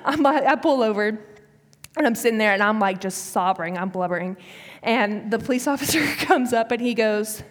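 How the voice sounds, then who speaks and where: A woman's voice: a little high, a little fast. A woman in her early twenties giving a sermon, telling a personal story in a chatty way with casual fillers. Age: early 20s. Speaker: speaker. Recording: long hall reverb.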